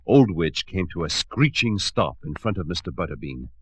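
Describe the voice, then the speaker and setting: A man reading a children's storybook aloud with expressive, dramatic narration. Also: low-pitched, moderate pace, a little hiss or hum.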